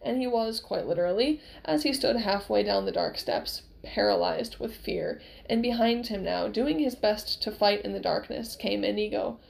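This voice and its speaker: A woman reading a novel aloud with expressive storytelling. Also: mid-range voice, moderate pace, gravelly, few pauses, rough recording. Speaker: reader.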